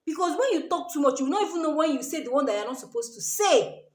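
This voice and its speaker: A woman's voice: high-pitched, expressive, fast, echoey room. A woman with a Nigerian accent giving emphatic advice to camera, repeating her warnings and tagging sentences with "oh" and "okay?". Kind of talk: casual advice talk to camera.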